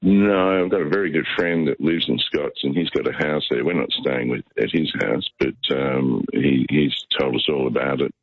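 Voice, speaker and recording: A middle-aged Australian man calls in to a radio phone-in show, telling a rambling story full of restarts over a muffled phone line. His pitch is extremely low, his speed normal, with hardly any pauses and no room sound.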